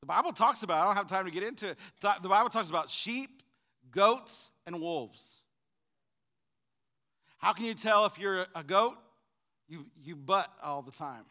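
This lively sermon comes from a man with a high, bright voice, moving at a moderate pace and pausing often. He draws call-and-response from the congregation, swinging between fervent shouts and hushed, chatty asides.

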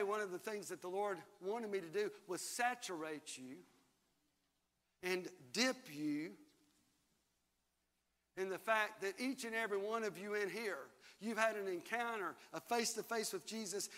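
A man's voice: high-pitched, animated, moderate pace, fairly bright tone. An older man preaching a sermon in a large church hall, reading scripture aloud and leading the congregation in call-and-response. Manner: preaching, reads scripture aloud and has the crowd repeat after him. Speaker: pastor. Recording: long hall reverb, faint music.

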